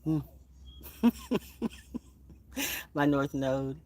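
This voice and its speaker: This woman speaks with a rumbling low, darkish voice that barely moves in pitch and goes extremely slowly. Holding her phone outdoors in the front yard, she rambles casually through a morning nature walk, playfully wondering aloud about birds and astrology.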